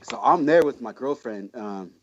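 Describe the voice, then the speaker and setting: A man's voice: mid-range voice, animated, normal speed, highs cut off. A man chatting casually as a podcast guest, telling a rambling story full of slang, swearing and fillers.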